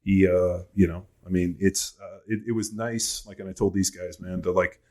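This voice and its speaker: A man's voice: sits low, flat delivery, moderate pace, darkish tone. A middle-aged man hosting a casual podcast chat, telling stories in a blunt, profane way. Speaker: podcast host.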